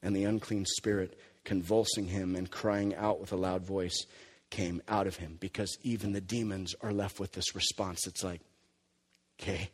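A man preaching a sermon as pastor, emphatic and animated, sometimes dropping to a quiet, low delivery. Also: normal speed. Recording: long hall reverb.

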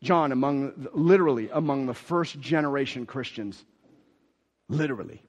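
A man preaching a sermon as pastor, swinging from quiet asides to loud, emphatic declarations and repeating key phrases. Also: mid-range voice, moderate pace, in a large hall.

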